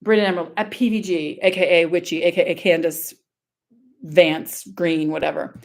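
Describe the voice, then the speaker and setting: A woman's voice: lowish voice, fairly even intonation, moderate pace. A woman from Louisiana reading screenshots aloud in a casual vlog, blunt, sarcastic and profane. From Louisiana, USA. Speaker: online commentator.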